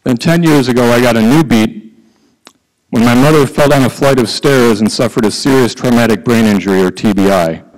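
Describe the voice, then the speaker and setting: A middle-aged man giving a prepared conference talk, who sometimes breaks into fast auctioneer-style patter. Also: mid-range voice, a little mellow, big-room sound, low-quality recording. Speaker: conference speaker. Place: conference hall.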